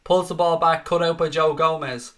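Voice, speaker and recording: A young man with a slightly high voice hosts a live fan watchalong at a moderate pace. He calls the play and responds to viewer comments, excitable, sweary, and full of banter.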